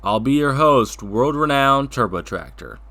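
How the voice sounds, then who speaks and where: A man's voice: medium pitch, lively intonation, measured pace, bright, forceful tone. Bumbling, stammering talk show host man. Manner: bumbling, stammering, keeps mispronouncing names. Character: friendly tractor hosting a talk show. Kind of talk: comedic talk show sketch.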